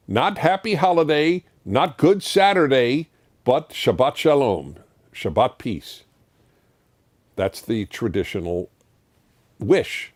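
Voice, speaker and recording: A man's voice: medium pitch, a little mellow, no room sound. A middle-aged man giving emphatic, indignant opinion commentary as a radio host, full of rhetorical questions.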